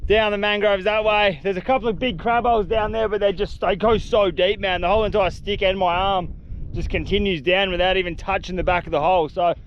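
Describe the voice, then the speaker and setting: A man filming himself outdoors in the mangroves, talking in excited, slang-heavy bursts straight to a handheld camera. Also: high-pitched, fairly quick, highs cut off, a little hiss or hum. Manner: excited, breathless slang-filled chatter. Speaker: outdoor vlogger. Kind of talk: self-filmed outdoor vlog.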